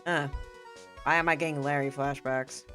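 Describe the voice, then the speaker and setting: A woman's voice: deep voice, steady tone, moderate pace, fairly bright tone, soft background music. A young woman streaming a game, chatting casually and gushing as a fan. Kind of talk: casual gameplay chat.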